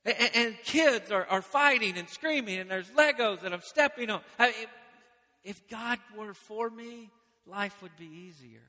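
A man preaching a sermon, building to emphatic repeated phrases and dropping to quiet moments. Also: sits high, moderate pace. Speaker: pastor. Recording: long reverb of a large hall.

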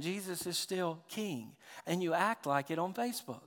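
A man preaching a sermon as pastor, animated, swinging from quiet, intimate lines to loud, emphatic ones. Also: sits high, moderate pace, hardly any pauses. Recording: long hall reverb.

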